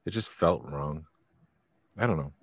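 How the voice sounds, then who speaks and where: A man's voice: a bass voice, animated, a little slow, slightly rough, no echo, clean studio sound. A man co-hosting a podcast, chatting casually and rambling, often trailing off mid-thought. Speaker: podcast co-host.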